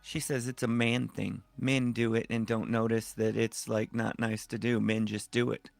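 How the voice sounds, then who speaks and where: A man's voice: fairly low pitch, flat delivery, normal speed, gravelly, no echo, soft background music. A middle-aged man co-hosting a casual podcast, teasing his friend with mock-serious jokes. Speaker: podcast co-host. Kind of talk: casual chat.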